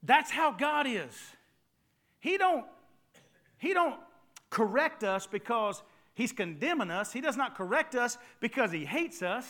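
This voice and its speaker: Preaching with a Southern accent, this middle-aged man from North Carolina tells his sermon in a folksy, storytelling style and keeps checking in with the congregation through call-and-response asides. His voice sits high, bright and forceful, sing-song and a little slow.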